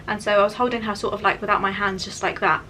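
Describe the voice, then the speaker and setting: A woman's voice: medium pitch, fairly even intonation, fast, sharp tone, a little hiss or hum, rough recording. A young woman telling a personal story in a candid, chatty vlog, with many "like" fillers. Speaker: vlogger.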